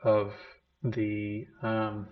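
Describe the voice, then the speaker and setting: A man's voice: on the low side, monotone, extremely slow, phone-quality sound. A man giving a teaching talk, retelling an old scripture story and explaining its terms as he goes. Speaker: lecturer on Buddhism.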